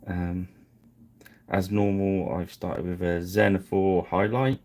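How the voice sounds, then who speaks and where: A man with a low, deep voice talks slowly and easily at his hobby desk during a live painting stream. His chat is casual and apologetic, and he pokes fun at himself as he goes. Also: little pitch movement, a little mellow. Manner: chatty and apologetic, self-deprecating.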